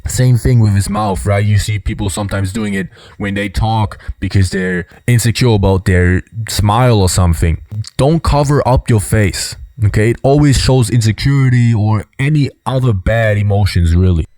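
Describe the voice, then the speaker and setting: A young man walks through body language points in a casual, explanatory way. His voice sits fairly low, and he keeps checking in with "you know" and "right?". The recording is dry and close. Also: animated, normal speed, a little mellow, dry recording.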